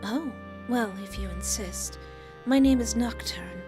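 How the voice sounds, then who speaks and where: A woman voicing a poised, coolly detached female witch with a put-on French accent and smooth, formal speech. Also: a little high, unhurried, close to an everyday voice. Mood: cool, composed. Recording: background music under the voice.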